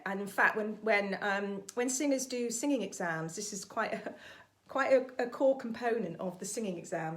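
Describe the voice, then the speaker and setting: A woman vocal coach, leading an online singalong lesson in a chatty, encouraging way. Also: medium pitch. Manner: encouraging, chatty, sings warm-up exercises.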